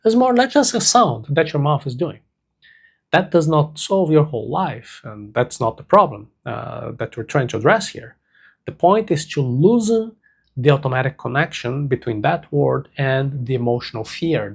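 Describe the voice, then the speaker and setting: A man teaching a self-help lesson, speaking slowly and deliberately and repeating key words for emphasis. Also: mid-range voice, animated, gravelly, husky. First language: Portuguese.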